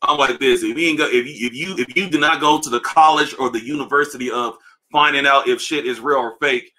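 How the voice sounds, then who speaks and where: A man hosting a livestream, ranting in a casual, profane way, animated and repeating himself. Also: medium pitch, fairly quick. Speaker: livestream host. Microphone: livestream mic.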